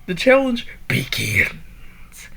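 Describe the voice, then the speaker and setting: Giggly woman reading out her fan story, slow, pitch jumps all over, keeps cracking up. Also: creaky, husky. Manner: giggly, animated, breaks off to comment and laugh. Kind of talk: casual read-aloud of a fan story.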